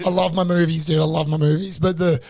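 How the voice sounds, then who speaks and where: A young man with a higher voice talks fast, ranting his way through a funny story on a casual podcast. He's the co-host, an animated storyteller who swears constantly.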